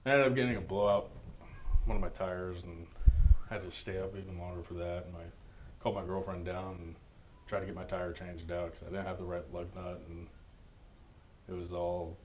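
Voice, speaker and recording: A man giving a personal church testimony, earnest and halting, with many fillers and restarts. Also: sits low, little pitch movement, slight background noise, rough recording.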